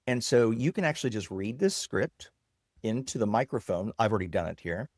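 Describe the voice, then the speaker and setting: A man guest, a software founder, explaining his product while demonstrating it on screen in a casual interview. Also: fairly low pitch, animated, brisk, dry recording, clean studio sound.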